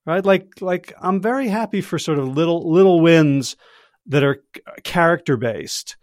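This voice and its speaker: A man's voice: a little high, normal speed, no echo. Upbeat dry-voiced male podcast guest. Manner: reflective, chuckles often, loose storytelling. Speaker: executive coach, guest. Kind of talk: casual podcast conversation.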